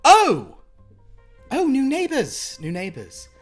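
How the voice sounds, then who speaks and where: A woman's voice: rumbling low, very animated, normal speed, breathy edge, soft background music, voice pushed up, full character voice. A man voicing a fussy, wealthy woman, breathless and fluttery, stammering and gushing endearments.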